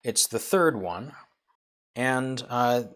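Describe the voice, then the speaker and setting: A man's voice: mid-range voice, expressive, fairly bright tone. A man hosting his own podcast, talking casually about his knitting work with frequent ums and uhs. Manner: halting, many ums and uhs. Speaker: podcast host, knitting designer. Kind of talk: casual solo podcast talk. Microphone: video podcast mic.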